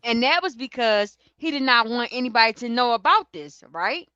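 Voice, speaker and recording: Woman on a stream reading court questions, brisk, ends each one with "right?", kinda high and bright, flat dry lo-fi sound. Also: clean tone, no room sound. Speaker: livestream co-host. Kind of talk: reading a court transcript aloud, then casual chat.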